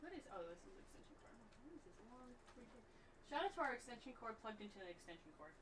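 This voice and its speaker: Loud rambly young woman chatting from behind the camera, bit high, faint hum in the room. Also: very animated, fast, far from the mic. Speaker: co-host. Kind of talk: casual chat on a livestream. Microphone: mic set for the other speaker.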